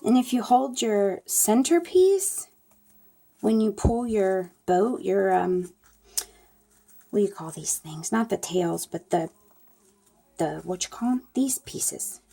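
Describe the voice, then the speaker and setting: A middle-aged woman walks viewers through a paper craft at her table. She talks in a chatty, folksy way, and her voice sounds soft and mellow. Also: medium pitch, expressive, slow pace, gravelly, pauses often, breathy edge. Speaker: craft demonstrator. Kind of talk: casual crafting tutorial.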